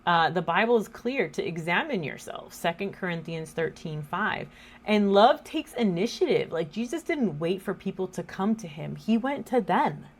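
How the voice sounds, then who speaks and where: A woman's voice: lowish voice, expressive, normal speed, slight background noise. A woman in her thirties hosting a casual faith talk, chatty and joking, quoting scripture. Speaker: host.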